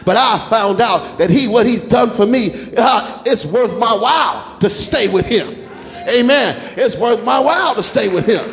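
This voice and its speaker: High-voiced preacher shouting in a hall. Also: male voice, lively intonation, normal speed, vocal fry. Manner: shouting, rhythmic repetition, chanted phrases. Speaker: pastor. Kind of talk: sermon.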